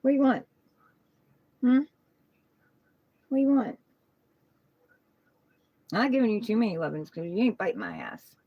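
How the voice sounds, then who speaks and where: A woman's voice: a little high, moderate pace, pauses often, breathy edge, no room sound, phone-quality sound. Middle-aged woman host, easygoing phone-livestream chatter, fond baby-talk with a pet, dry close sound. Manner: relaxed, chatty, coos affectionately to her pet. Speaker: tarot reader livestream host. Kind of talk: casual livestream chat.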